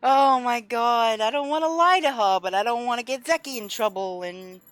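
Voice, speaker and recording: A woman's voice: on the high side, moderate pace, a bit bright, no room sound, soft background music. A woman live-streaming a game, chatting casually with her viewers and openly voicing her frustration.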